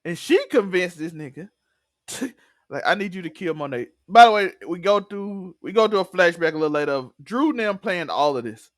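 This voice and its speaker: High-voiced guy hosting a tv recap podcast, bouncy pitch, keeps laughing and acting out lines, dry close mic. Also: normal speed, dry recording. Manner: animated, laughs often, acts out characters' lines. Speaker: TV review podcast host. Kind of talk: excited casual recap chat.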